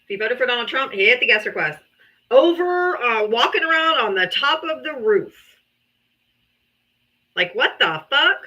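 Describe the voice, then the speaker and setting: A woman hosts a live debate stream in a casual, blunt way, swearing freely and sounding exasperated. Her voice sits a little high and rings bright and forceful. She speaks into a streaming mic at home. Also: expressive, normal speed, pauses often, dull audio. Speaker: livestream debate host. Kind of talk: casual livestream talk.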